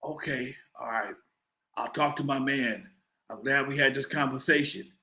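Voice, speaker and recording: Man putting on a low, menacing mob enforcer. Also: steady tone, pushed and bright. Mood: grudging. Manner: low, slow, threatening. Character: menacing middle-aged male mob enforcer on phone.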